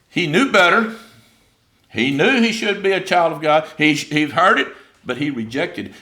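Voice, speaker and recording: A man's voice: fairly high pitch, pushed and bright. A man preaching an informal sermon in a church, chatting through scripture and acting out the voices of biblical figures. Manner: conversational, acts out biblical voices, many fillers.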